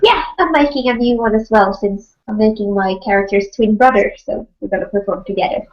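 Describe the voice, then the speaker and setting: A woman's voice: medium pitch, brisk. A woman guest on a video call, giving plain, brief answers. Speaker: guest cosplayer. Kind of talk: casual interview over a video call. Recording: dull lo-fi call audio.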